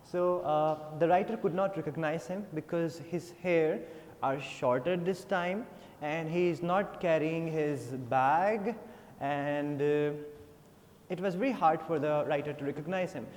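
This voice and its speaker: With an Indian English accent, a man teaches an English class, reading a textbook story aloud and then retelling it with plenty of fillers. His voice is on the high side and a little mellow, with a measured pace. The recording has long reverb and a little hiss or hum.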